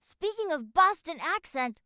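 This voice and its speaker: A synthetic female text-to-speech voice reading out viewer messages with a flat, even machine delivery. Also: extremely high pitch, measured pace, no echo, clean studio sound. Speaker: text-to-speech chat reader.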